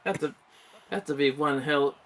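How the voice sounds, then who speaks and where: A man's voice: on the high side, normal speed, a bit bright. A man chatting casually on a gameplay stream, rambling and restarting his sentences with frequent giggles. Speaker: streamer co-host.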